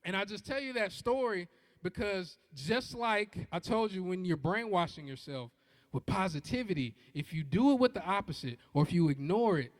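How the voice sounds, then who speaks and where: A man speaks from a large auditorium stage, telling a comic story and acting out every voice. His pitch is high for a man and swings widely, and a long hall reverb trails his words. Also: moderate pace. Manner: animated, acts out quoted voices. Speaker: keynote speaker. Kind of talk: comedic storytelling keynote.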